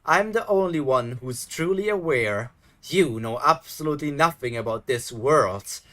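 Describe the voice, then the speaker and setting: A gloating, mocking villain. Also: male voice, a little high, animated, normal speed, bright, forceful tone. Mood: taunting. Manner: mocking, taunting, sing-song laughter. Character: gloating male villain who toys with captives. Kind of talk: animated series dub.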